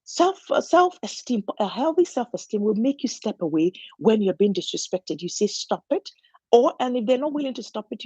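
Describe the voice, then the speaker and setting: A woman's voice: mid-range voice, a little mellow, husky, no echo. A woman giving an inspirational talk, earnest and encouraging, often restarting her sentences. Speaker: motivational speaker.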